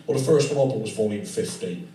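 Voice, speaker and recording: A man's voice: lowish voice, animated, fast talker, mellow. A male comedian doing live stand-up in a tattoo studio, rambling and swearing freely in a conversational way. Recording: echoey room, distant mic, audience laughter.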